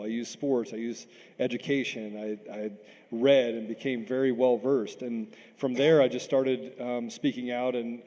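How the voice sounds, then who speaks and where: A man's voice: mid-range voice, mellow. A middle-aged man from Washington, D.C. speaking as a panel guest, earnest and impassioned, often repeating words as he gets stirred up. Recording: long reverb in a big hall.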